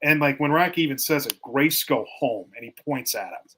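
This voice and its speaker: A man's voice: a little high, lively intonation, quick pace, fairly bright tone, a little hiss or hum, rough recording. A man hosting a casual movie review podcast, rambling with fillers and retelling scenes in quoted voices. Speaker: podcast host.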